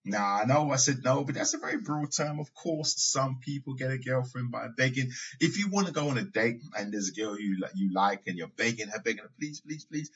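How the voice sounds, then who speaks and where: Male podcast host, husky voice, casual and rambling, muffled lo-fi recording. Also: mid-range voice, brisk, hardly any pauses, a bit bright. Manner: conversational, with asides and occasional laughs. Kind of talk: casual monologue. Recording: dull lo-fi sound.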